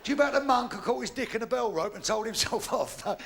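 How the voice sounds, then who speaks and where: A man's voice: extremely high pitch, expressive, fast, creaky, background noise. A man doing bawdy live stand-up on a theatre stage, chatting and laughing at his own jokes. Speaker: stand-up comedian. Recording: live theatre show with band. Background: live band.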